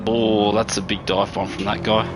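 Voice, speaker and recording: A man's voice: on the low side, flat delivery, moderate pace, over loud music. An Australian man chatting casually while streaming a racing game, laid-back and talkative. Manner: chatty and laid-back, often says "mate". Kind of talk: casual live-stream gameplay commentary.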